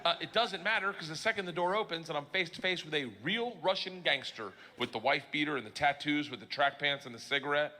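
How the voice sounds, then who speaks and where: Man telling a loud comedy story. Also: on the high side, quick pace, hardly any pauses. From Florida, US. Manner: loud, animated storytelling with laughing asides. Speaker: stand-up comedian.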